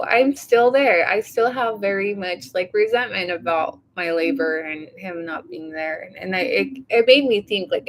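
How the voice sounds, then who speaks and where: A woman vlogger in a casual diary vlog, tired and low on energy, rambling with lots of fillers and speaking openly about her feelings. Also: a little hiss or hum. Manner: openly emotional, confiding.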